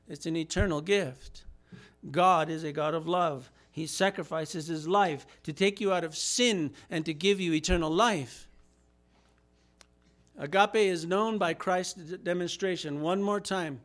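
Guy preaching a sermon, pretty high voice, gets all fired up and shouts, acts out little quotes. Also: normal speed. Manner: impassioned preaching with acted-out quotes and rising shouts. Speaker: pastor.

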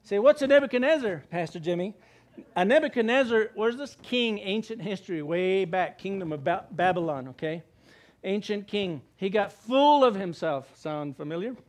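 An older man preaching a sermon as pastor, animated, asking rhetorical questions and acting out the quotes. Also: sits high, moderate pace.

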